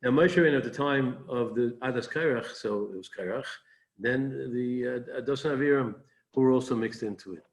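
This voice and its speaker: A rabbi delivers a Torah talk at a moderate pace and medium pitch, frequently restarting and repeating words. He gets animated, his voice climbing sharply when he quotes mockery.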